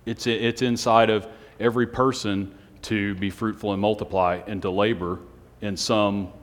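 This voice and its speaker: A man preaching a Sunday night sermon, speaking in a self-described monotone with joking asides to the congregation. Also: on the low side, normal speed. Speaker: pastor. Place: church hall on a Sunday night. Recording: long hall reverb.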